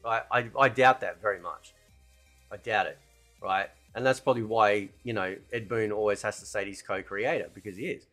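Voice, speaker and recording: A man's voice: lowish voice, moderate pace, a bit bright, soft background music. A man giving casual, rambling opinion commentary as a gaming channel host, often tagging "right?" and "man" onto his sentences.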